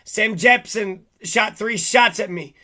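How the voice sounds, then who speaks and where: A man's voice: sits high, takes it slowly, sharp tone. A man talking alone to his audience in an agitated, rambling, heavily profane rant. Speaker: vlogger. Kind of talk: monologue to camera.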